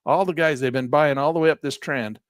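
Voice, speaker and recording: A man's voice: on the high side, a little fast, smooth, no room sound. A middle-aged man teaching a live trading class, narrating chart moves in a teasing, playful way. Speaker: trading instructor.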